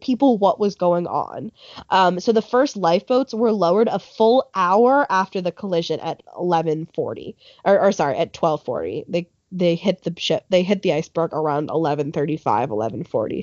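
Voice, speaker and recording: A woman's voice: lowish voice, lively intonation, brisk, a little mellow, dry recording. Chatty woman telling a history story. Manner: chatty, many ums and likes, corrects herself. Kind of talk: casual storytelling. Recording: dull lo-fi sound.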